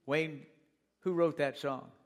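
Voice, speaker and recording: A man's voice: on the high side, fairly even intonation, takes it slowly. A man preaching a sermon in church, repeating phrases for emphasis and calling on the congregation to answer him. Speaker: pastor.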